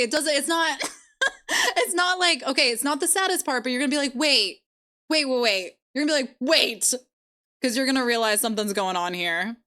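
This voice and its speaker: Giggly woman streamer, high bright voice, bouncy pitch, takes her time. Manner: giggly, bubbly, laughs often. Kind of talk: casual live-stream chat.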